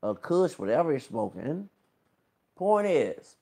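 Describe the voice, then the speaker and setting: A man's voice: fairly high pitch, big pitch swings, takes it slowly, creaky, long pauses, warm tone, breathy edge. A man in his thirties giving a casual, rambling gossip commentary to his viewers, full of exclamations and asides. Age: 30s. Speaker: vlogger.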